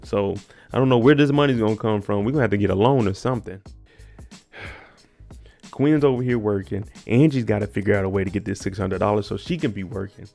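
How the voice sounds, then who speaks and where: A man's voice: fairly low pitch, fairly even intonation, a little fast, creaky, dark tone, faint music behind. A man casually recapping a TV episode, with laid-back, joking slang. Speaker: TV recap host.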